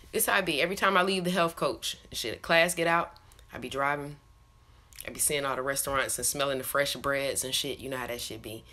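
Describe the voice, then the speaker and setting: A woman's voice: very deep voice, bright, forceful tone. A young woman talking casually to her followers, rambling, swearing freely and laughing often as she tells stories. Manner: loose, profane, laughs often, rambling storytelling. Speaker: vlogger. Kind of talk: casual chat to camera.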